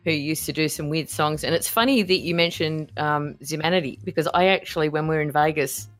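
A woman with an Australian accent telling a lively story in casual podcast chat. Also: sits low, a little fast, faint music behind. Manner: lively storyteller, acts out quotes.

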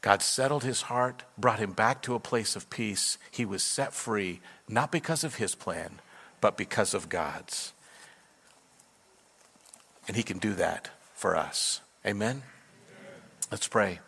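A man's voice: on the low side, slow, creaky, pauses often, fairly bright tone, husky. A man preaching as a pastor, telling a story earnestly and then leading a fervent prayer in a church. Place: church sanctuary. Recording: long hall reverb.

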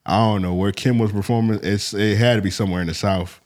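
A man with a lowish voice co-hosting a casual podcast. He jokes around and talks in heavy slang, laid-back and easy. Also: fairly even intonation, fast talker, darkish tone. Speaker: podcast co-host. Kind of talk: casual chat.

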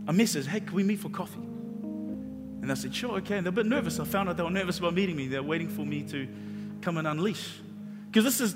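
A man preaching a sermon as pastor, impassioned and repetitive, acting out his own thoughts. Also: high voice. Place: church hall with long reverb. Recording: reverberant church hall.

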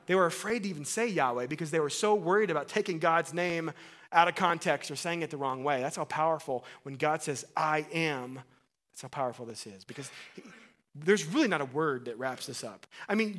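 Animated preacher man, slightly high voice. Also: fairly quick. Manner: animated, acts out voices of Bible figures; drops to a low hush for emphasis. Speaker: pastor. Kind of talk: sermon.

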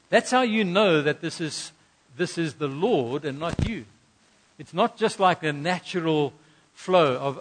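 Earnest higher-voiced male preacher. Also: animated, measured pace. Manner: earnest storytelling with emphatic bursts. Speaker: pastor. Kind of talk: sermon.

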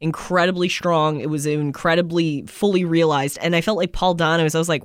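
A man chatting casually about a movie, animated and acting out his own reactions. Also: on the high side, brisk, few pauses, smooth, no room sound, studio quality.

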